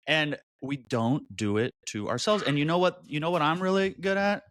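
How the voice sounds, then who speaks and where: A man speaking as an interview guest, candid and animated, often jumping high in pitch when he acts out what he or others said. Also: fairly quick, hardly any pauses, no echo. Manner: animated, expressive, jumps into high pitch for quoted voices. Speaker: guest, mental health advocate.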